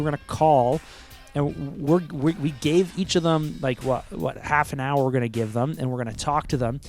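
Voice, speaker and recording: A man in his thirties hosting a casual podcast in a studio, rambling and joking with quick laughs. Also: a little high, darkish tone. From Canada. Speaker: podcast host.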